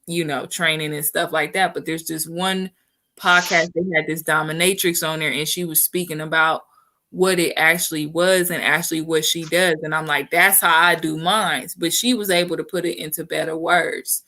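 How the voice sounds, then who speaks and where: A woman speaks candidly in relaxed conversation, circling back with easy asides to her listener. Her voice sits somewhat low but has a bright, forward edge. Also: moderate pace. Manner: frank and chatty, often says "you know what I'm saying". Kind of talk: candid casual chat.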